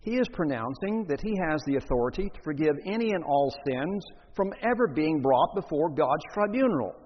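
A man preaching a sermon, reading scripture and then expounding it with deliberate emphasis. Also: fairly high pitch, animated, husky. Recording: dull lo-fi recording in a reverberant hall.

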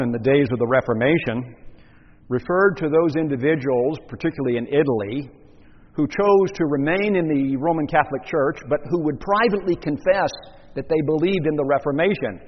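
A man preaching a teaching sermon, measured and explanatory, asking the listeners rhetorical questions. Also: on the high side, husky. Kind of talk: expository sermon. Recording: muffled, echoey hall recording.

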